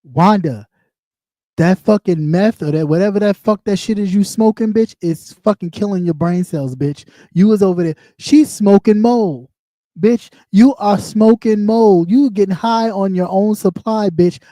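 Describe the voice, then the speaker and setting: A man's voice: high voice, moderate pace, warm tone, no echo, studio quality. A man ranting on a livestream, mocking and heated, swearing constantly. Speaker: livestream host. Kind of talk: profane livestream rant.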